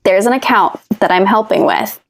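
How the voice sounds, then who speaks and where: A woman's voice: mid-range voice, normal speed, gravelly. A woman guest on a podcast, talking casually and chattily with frequent "like" fillers. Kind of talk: casual chat.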